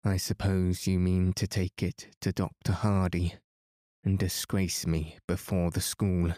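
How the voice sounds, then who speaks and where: Sullen, pleading teen schoolgirl, a man reading her in a soft, dark tone. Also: sits low, flat delivery, measured pace, no echo, studio quality. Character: sulky scheming teenage schoolgirl.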